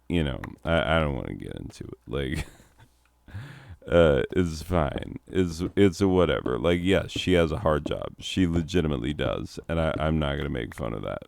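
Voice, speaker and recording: A man with an extremely deep, clean, resonant voice talks loosely while playing a game. He rambles with plenty of fillers and a dry, sarcastic edge. He speaks as a teacher letting off steam in casual chat. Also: gravelly, darkish tone, smooth, no echo.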